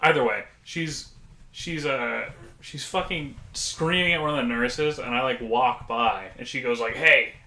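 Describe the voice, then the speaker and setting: A man's voice: mid-range voice, measured pace, reverberant. A man co-hosting a podcast, casually telling work stories with lots of swearing. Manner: swearing, animated storyteller who acts out quotes. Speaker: podcast co-host. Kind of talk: casual chat.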